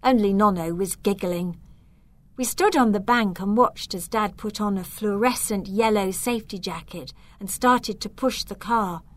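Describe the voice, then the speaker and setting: A woman narrating a children's storybook aloud in a clear, measured way. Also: mid-range voice, no echo. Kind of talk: storybook reading.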